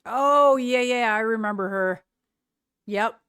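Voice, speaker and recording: A woman's voice: fairly high pitch, slow pace, a bit bright, smooth, dry recording, clean studio sound. A middle-aged woman streaming live, chatting casually with viewers in a rambling way and often searching for words.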